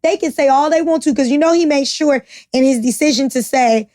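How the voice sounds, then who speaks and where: A woman's voice: high-pitched, brisk, few pauses, dark tone, dry recording, studio quality. A woman co-hosting a podcast, arguing her views in blunt, passionate casual talk with free swearing. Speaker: podcast co-host. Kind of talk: casual opinionated chat.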